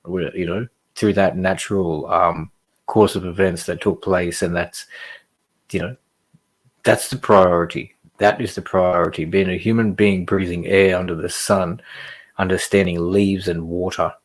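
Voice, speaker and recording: A fired-up man with a fairly low voice, hosting a casual podcast. He reads news items aloud and keeps breaking off into passionate, rambling asides. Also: steady tone, unhurried. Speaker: podcast host.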